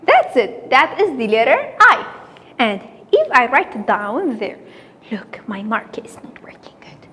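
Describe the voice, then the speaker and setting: Sing-song Kurdish-accented kindergarten teacher. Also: female voice, high-pitched, wildly swooping pitch, a bit bright, in a large hall. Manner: playful, sing-song, talks to children with drawn-out repeats. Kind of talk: online English letter lesson for young children.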